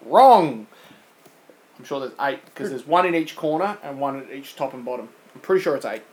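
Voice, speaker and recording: A man's voice: mid-range voice, fast talker, rough recording. A man from Australia hosting a quiz in casual chat, joking and teasing while reading out the questions. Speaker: quiz host of a podcast.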